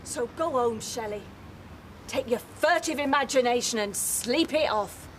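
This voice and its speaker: A woman's voice: fairly high pitch, a little slow, slight background noise, close to an everyday voice. An actress playing an indignant mother in a soap drama, scolding at her front door. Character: weary mother defending herself at her door.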